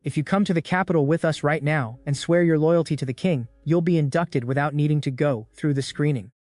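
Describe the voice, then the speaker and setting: A man's voice: fairly high pitch, fairly quick, darkish tone, dry recording, lightly acted. A man voicing a pushy, anxious royal envoy who persuades and pleads, close to his own narrating voice. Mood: persuading.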